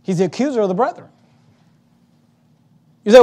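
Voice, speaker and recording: A man with a very high voice preaching a sermon. He rises into loud, emphatic bursts full of repetition and then drops back to quieter explaining. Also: animated, quick pace. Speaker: pastor.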